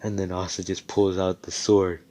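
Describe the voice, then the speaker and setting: Young man, deep voice, casual rambling storyteller who swears a lot. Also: little pitch movement, moderate pace, a little mellow. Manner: rambling, profane, loose. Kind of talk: casual fan-fiction storytelling.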